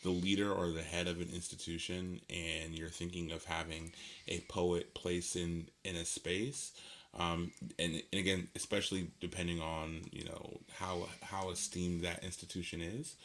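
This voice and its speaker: Man, very low voice, bright forceful tone, faint noise, casual rambling chat. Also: flat delivery, moderate pace. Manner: rambling, many fillers and restarts; laughs easily. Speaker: podcast co-host. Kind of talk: casual conversation.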